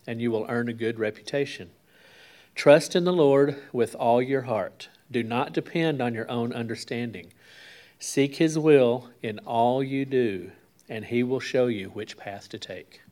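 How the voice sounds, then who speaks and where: A man reading a Bible passage aloud at a church service in a steady, measured way. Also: mid-range voice. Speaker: scripture reader.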